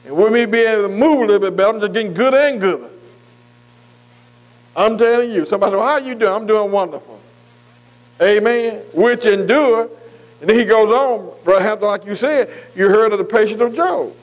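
A man's voice: high voice, fairly quick, rough recording. An older man preaching a folksy sermon, often checking in with his congregation. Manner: folksy, calls for congregation response.

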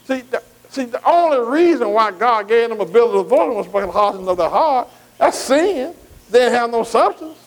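A man's voice: very high-pitched, animated, moderate pace, rough recording. A man preaching a sermon in folksy, colloquial speech, repeatedly asking the congregation whether they agree. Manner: folksy, colloquial Southern US grammar.

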